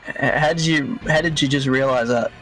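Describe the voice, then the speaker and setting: A man co-hosting a game stream, excitable and giggly, tripping over his words as he chats. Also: medium pitch, a little fast, soft background music, poor audio. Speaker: co-host. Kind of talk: casual gameplay chat.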